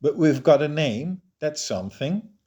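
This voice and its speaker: A man's voice: fairly high pitch, expressive, measured pace, mellow, pitched above the performer's own voice. A man reading the lines of an easygoing young woman who loves music, breezy and upbeat.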